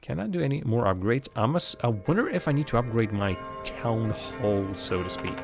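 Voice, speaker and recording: A man's voice: mid-range voice, big pitch swings, moderate pace, vocal fry, faint music behind. A man giving casual, rambling commentary while streaming a game live, chatting with viewers and laughing often.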